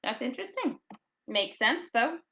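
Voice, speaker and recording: A middle-aged woman hosting a casual, rambling chat show, who talks loudly and reads out listener comments as she goes. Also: a little high, sing-song, moderate pace, echoey room, muffled recording, slight background noise. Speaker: podcast host. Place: at home in England.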